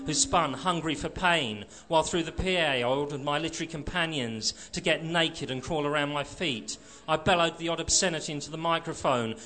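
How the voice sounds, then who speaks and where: A man's voice: a little high, sharp tone, slight background noise. A man reading a short story aloud in a dry, sardonic first-person narration. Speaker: reader.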